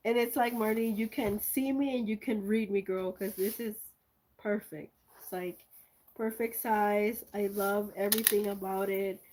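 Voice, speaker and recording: A woman chatting casually as she unboxes gifts for her video, gushing and excitable, swinging between loud squeals and soft, hushed thanks. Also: mid-range voice, a little slow, slight background noise. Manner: gushing and excitable, many exclamations. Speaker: art vlogger.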